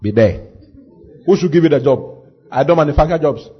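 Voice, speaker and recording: A husky-voiced man preaching a sermon as pastor, acting out scenes and shouting at the peaks. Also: on the high side, lively intonation, a little fast, highs cut off.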